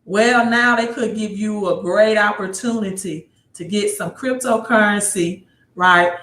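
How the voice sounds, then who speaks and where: A woman with a Mississippi accent hosting a casual livestream, talking excitedly, repeating herself and answering viewer comments. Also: medium pitch, measured pace. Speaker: livestream host. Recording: roomy echo.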